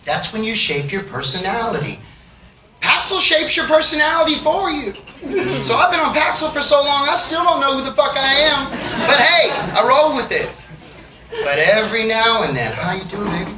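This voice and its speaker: A man's voice: very high-pitched, very animated, moderate pace, background noise. A man, a singer-songwriter, telling stories between songs on a concert stage, bantering with the audience in a self-deprecating, swearing way. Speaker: singer-songwriter performing live. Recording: roomy live recording from a distance, music behind.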